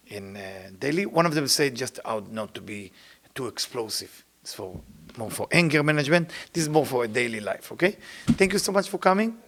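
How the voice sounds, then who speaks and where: A man teaches a spiritual lecture in gravelly, husky non-native English. His pitch swings widely as he acts out the people he describes, then sinks to a near whisper. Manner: lively, acts out quoted people, drops to a hush. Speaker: Kabbalah teacher.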